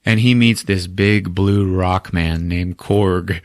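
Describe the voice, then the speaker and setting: A low-voiced man hosts a podcast and recaps a film in a casual, animated way, swearing freely as he acts out the scenes. The sound is dry and close. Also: slow pace, no room sound. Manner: animated and profane, acting out scenes. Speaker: podcast host.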